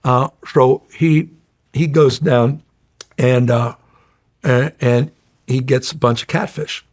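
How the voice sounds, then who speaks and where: A middle-aged man, an interview guest, telling profane, animated stories in casual chat and acting out the people he quotes. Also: mid-range voice, slow. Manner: profane, animated storyteller, acts out quoted voices loudly.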